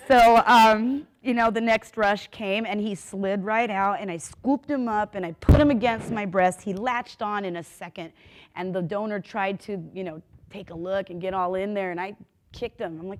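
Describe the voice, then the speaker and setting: A woman's voice: mid-range voice, normal speed. Candid woman telling her story. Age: older. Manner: vivid, candid, laughing as she tells it; acts out quoted voices with big swings of loudness. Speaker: panelist. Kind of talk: personal storytelling on a conference panel.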